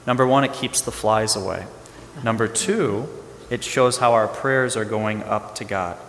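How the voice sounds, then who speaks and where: A man's voice: lowish voice, a little slow, a bit bright, slight background noise. A man, a priest, giving a sermon in a conversational storytelling way, acting out bits of dialogue. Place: church. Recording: echoey church hall with reverb.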